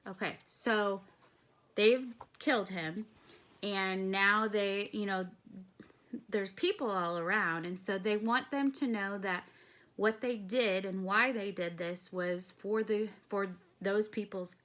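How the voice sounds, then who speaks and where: A woman's voice: medium pitch, fairly even intonation, takes it slowly, a bit bright. A woman, a teacher, reading a play aloud and explaining it in a casual, conversational way.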